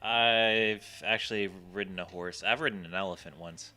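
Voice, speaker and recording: A man's voice: on the low side, moderate pace, pushed and bright, faint music behind. A man giving brief, dry replies as the podcast co-host. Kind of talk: casual banter.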